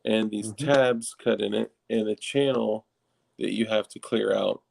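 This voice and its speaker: A man's voice: fairly low pitch, steady tone, unhurried, vocal fry, rough recording. A man co-hosting a casual podcast, talking in a rambling, restart-filled way with frequent swearing. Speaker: podcast co-host. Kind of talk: casual chat.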